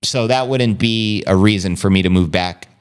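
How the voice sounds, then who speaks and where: A man's voice: on the low side, moderate pace, smooth. A man hosting a casual livestream, reading viewer comments aloud in a laid-back, slangy way. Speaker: livestream host.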